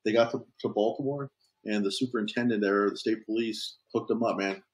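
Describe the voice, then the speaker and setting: A man's voice: on the low side, steady tone, brisk, lo-fi sound. A police officer telling a story in a casual, easygoing way, often tossing in "man". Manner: easygoing, peppers talk with "man".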